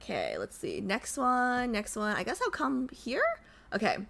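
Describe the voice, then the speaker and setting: Bright, lively young woman streamer. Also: a little high, a little slow, creaky. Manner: excitable, bursts into squeals and laughter, stammers and restarts. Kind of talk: casual live-stream chat, reading viewer messages.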